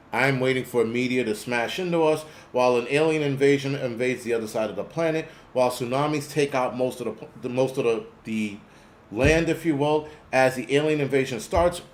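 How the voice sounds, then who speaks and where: A man talks off the cuff in a mid-pitched voice, rambling and cursing as he answers his viewers. Faint room ambience sits behind him. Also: slight background noise. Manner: rambling, profane, reads chat names aloud. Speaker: host of a prepper channel. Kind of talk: casual live-stream chat.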